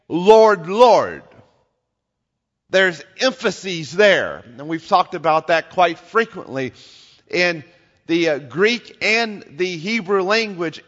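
A man preaching in a slow, deliberate way, with a slightly high voice. He explains scripture and presses on repeated words for emphasis. The sound is dull and rings with a long hall reverb. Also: a bit bright. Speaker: pastor. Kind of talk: sermon.

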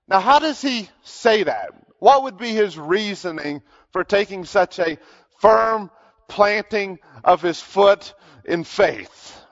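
A man's voice: sits high, animated, slow, fairly bright tone, dull audio. A man in his thirties preaching a sermon in an earnest, conversational way that rises to emphatic peaks. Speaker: pastor.

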